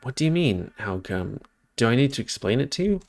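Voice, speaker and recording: A man's voice: mid-range voice, lively intonation, moderate pace, darkish tone, natural voice. A man voicing a young male otter in a visual novel, intense and swearing when he gets upset. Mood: angry. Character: young male otter, earnest then angry.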